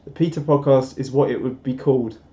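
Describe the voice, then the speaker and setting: In a roomy, slightly dull home stream recording, a young man reads viewer comments and chats casually, rambling and self-deprecating. His voice is mid-range and warm, with fairly even intonation and a fairly quick pace.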